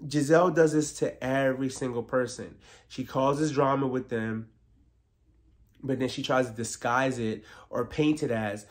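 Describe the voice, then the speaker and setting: A man's voice: mid-range voice, steady tone, measured pace. A man giving a casual, opinionated recap of a reality TV episode, peppering his talk with "like". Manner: opinionated, filler-heavy with frequent "like". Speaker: TV recap vlogger.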